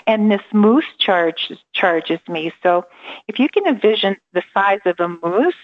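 A woman's voice: medium pitch, animated, a little slow, muffled recording. A middle-aged woman, a coach interviewed as a guest, telling her story with energy, acting out quoted dialogue and laughing often.

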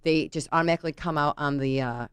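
A woman's voice: sits low, fast talker, smooth, dry recording. A middle-aged woman in casual conversation, talking through work stories and often checking in with "right?". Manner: chatty, tells anecdotes, frequent "you know" and "right?". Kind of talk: casual chat.

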